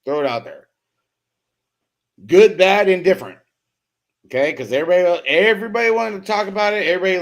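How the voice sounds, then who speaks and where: A man's voice: fairly high pitch, fairly bright tone. A man hosting a BMX live stream, reading chat comments aloud and teasing viewers with loose, profane jokes and frequent laughs. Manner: joking, profane, laughs often; loose and teasing with chatters by name. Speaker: host of a BMX live show.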